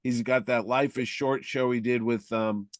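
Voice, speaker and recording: A male podcast co-host chatting casually, rambling through animated stories at a middling pitch. His voice is recorded close in a dry room. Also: moderate pace, dry recording. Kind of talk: casual chat.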